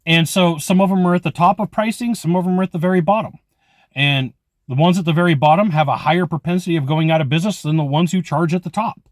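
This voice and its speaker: A man's voice: fairly high pitch, no room sound, studio quality. A man teaching trade sales, talking bluntly and emphatically and acting out customer conversations. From California. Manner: blunt, emphatic, storytelling with quoted dialogue. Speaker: HVAC sales trainer. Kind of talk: casual instructional talk to camera.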